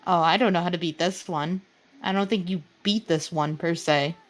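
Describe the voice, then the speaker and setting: A woman's voice: lowish voice, normal speed. A woman playing a tabletop role-playing game, firm with her dragon companion. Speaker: player. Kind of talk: casual play chat.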